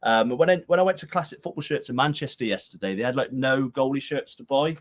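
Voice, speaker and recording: A man hosts a casual live-stream chat from home, heard through a camera that serves as his webcam. His pitch sits in an ordinary middle range. He rambles and often breaks into laughter. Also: fast. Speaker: show host. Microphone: camera used as webcam.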